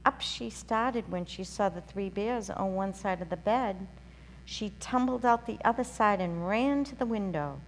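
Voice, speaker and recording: A woman hosting a children's story show, reading a storybook aloud in a gentle, sing-song way. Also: mid-range voice, unhurried. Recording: reverberant room with faint hum.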